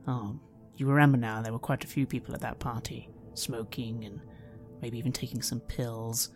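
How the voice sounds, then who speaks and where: A man narrating a tabletop role-playing game as game master, in a halting, hesitant way. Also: mid-range voice, level tone, faint music behind.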